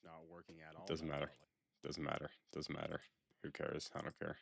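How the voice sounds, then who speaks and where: A man streaming a horror game live, rambling with repetitive, sarcastic mock calm as he talks to chat. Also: rumbling low, a little fast, creaky, no echo, clean studio sound.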